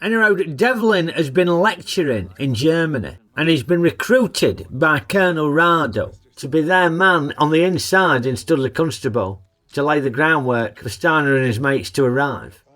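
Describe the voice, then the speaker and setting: Cheeky film reviewer. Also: male voice, on the high side, animated, moderate pace, fairly bright tone. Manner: cheeky, sarcastic, colloquial. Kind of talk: comic film review narration.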